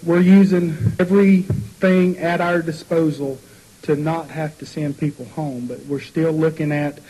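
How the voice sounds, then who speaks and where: A man's voice: a little high, steady tone, measured pace, mellow, husky, rough recording. A man who is a school superintendent testifying matter-of-factly to a state board.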